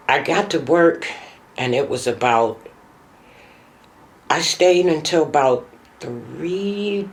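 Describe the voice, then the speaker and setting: A middle-aged woman, the mother in a documentary interview, reminiscing emotionally with her pitch sometimes rising sharply.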